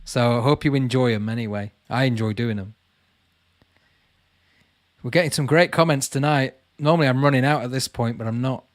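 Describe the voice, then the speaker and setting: Speaking briskly but with long pauses, a man with a medium-pitched voice runs a casual livestream. He reads comments aloud and replies to the chat in a chatty way, calling people "mate," and the sound is clean studio quality without echo.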